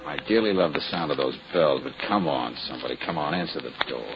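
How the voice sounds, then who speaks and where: A man's voice: rumbling low, animated. A breezy, wisecracking private eye whose voice leaps up and down as he jokes. He sounds like an old radio drama, dull in tone with a faint hiss underneath. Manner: quick sarcastic quips. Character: wisecracking male private detective, breezy and sardonic. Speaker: detective lead. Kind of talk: 1940s radio acting. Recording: hissy 1940s radio broadcast.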